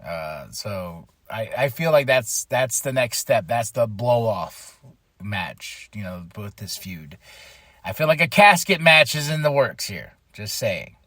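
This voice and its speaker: A man hosting a podcast, recapping a wrestling show in a casual, excitable way and laughing often. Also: on the low side, slow, no room sound. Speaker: podcast host.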